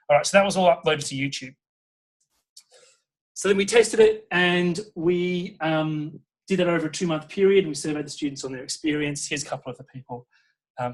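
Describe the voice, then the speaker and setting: A high-leaning voice belongs to this Australian university lecturer giving a conference presentation. Animated and engaging the audience with check-ins, he relies on frequent fillers and restarts.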